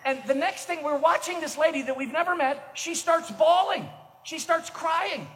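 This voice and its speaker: A middle-aged man preaching a sermon as a pastor, telling self-mocking stories with energy and bursts of shouting. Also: extremely high pitch, normal speed. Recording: echoey hall, faint noise.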